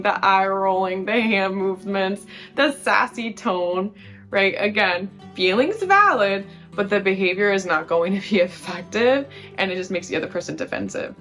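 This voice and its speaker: A woman's voice: mid-range voice, moderate pace, a bit bright. A woman hosting a relationship-advice video, explaining points conversationally to the camera and often asking rhetorical questions. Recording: faint guitar music behind.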